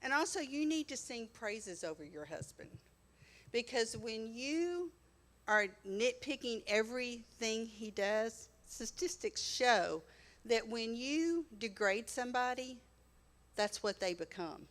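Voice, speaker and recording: A woman's voice: a little high, expressive, slow, a bit bright. A woman sharing a sermon on marriage beside her husband, plainspoken and conversational. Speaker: pastor's wife.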